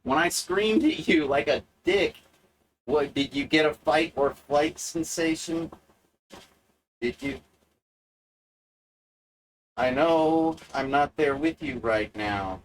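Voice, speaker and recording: Slow, sardonic man lecturing the viewer. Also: on the high side, a little hiss or hum, rough recording. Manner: sardonic, deliberate, halting with frequent pauses; mock-lecturing, talks straight to the viewer. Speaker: video essayist. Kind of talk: provocative monologue lecture.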